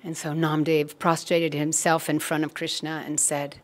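Woman, low-pitched, spiritual storytelling, measured, unhurried. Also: flat delivery.

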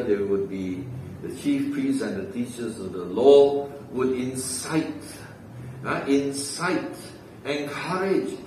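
Slow, emphatic preacher in an echoey church. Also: male voice, mid-range voice, a little mellow. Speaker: pastor. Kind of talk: sermon and closing prayer. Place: church hall. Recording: very echoey hall, voice from far off, faint hiss.

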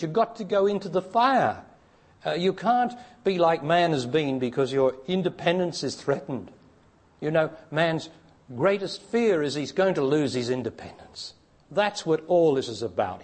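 A man's voice: a little high, darkish tone. Emphatic older Australian man teaching. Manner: emphatic, insistent, rising to stress points. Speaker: spiritual teacher. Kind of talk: spoken teaching talk.

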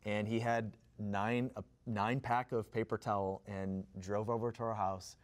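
A man's voice: on the low side, little pitch movement, unhurried. A man, a father and husband, co-hosting a casual devotional chat in an earnest, conversational way. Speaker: pastor co-host.

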